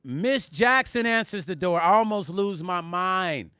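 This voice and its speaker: A middle-aged man and musician who hosts a livestream, telling stories in an animated way, speaking straight to his viewers and reading their comments aloud. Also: sits high, a little slow, smooth, dry recording, studio quality. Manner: animated, addresses viewers directly, reads chat aloud. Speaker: musician and vlog host. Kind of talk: casual storytelling livestream.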